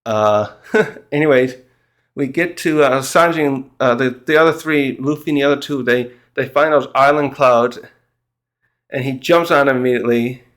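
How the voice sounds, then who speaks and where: A man recapping a manga chapter in casual chat, rambling and halting, often laughing and acting out the characters' lines. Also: medium pitch, fairly bright tone. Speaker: manga reviewer.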